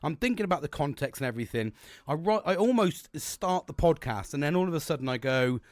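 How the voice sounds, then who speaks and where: A man's voice: fairly high pitch, animated, brisk, darkish tone, dry recording. Sweary rambling man, dry sound. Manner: rambling, heavy swearing, frank and self-mocking. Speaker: podcast host. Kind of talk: solo podcast monologue.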